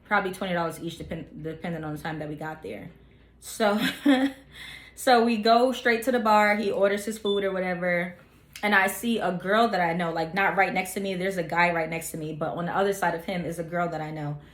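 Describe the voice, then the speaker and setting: A woman's voice: lowish voice, a little fast. A young woman vlogger telling a casual storytime, chatty with lots of filler words. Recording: echoey room.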